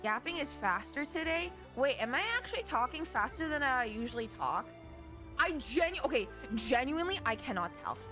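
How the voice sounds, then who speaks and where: Young woman, streamer, very high squeaky voice, giggly, swears freely, game music behind. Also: big pitch swings, brisk. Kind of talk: casual live-stream chat with viewers.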